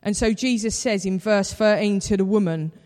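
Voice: medium pitch, moderate pace, darkish tone. A preacher giving a sermon in a conversational, storytelling way. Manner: conversational storytelling, acts out quoted voices. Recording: long reverb of a large hall.

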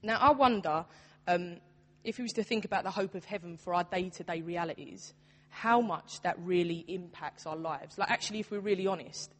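A woman's voice: lowish voice, normal speed, a bit bright. A young adult woman, a church youth worker, preaching a sermon in an earnest, conversational way. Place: church hall. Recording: long hall reverb.

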